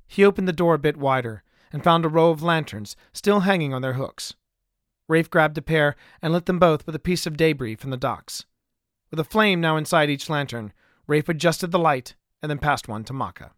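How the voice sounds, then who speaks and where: A man narrating his own adventure story in an even, measured way, recorded close to a studio mic. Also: on the high side, no echo. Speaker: author and narrator. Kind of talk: scripted audiobook narration.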